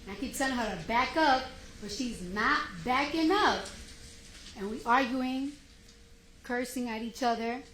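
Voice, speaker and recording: A woman's voice: a little high, a little slow, a bit bright. A woman giving courtroom testimony from the witness stand, retelling a heated argument in casual slang and acting out both voices. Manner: casual slang-heavy speech. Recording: echoey courtroom audio, faint hiss.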